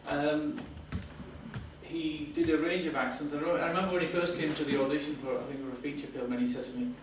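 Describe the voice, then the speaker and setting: The man presenting awards as a director talks fast with little pitch movement, improvising with frequent ums and repetitions. The camera mic sits far away, so the sound is boomy and dull, full of heavy reverb and room noise.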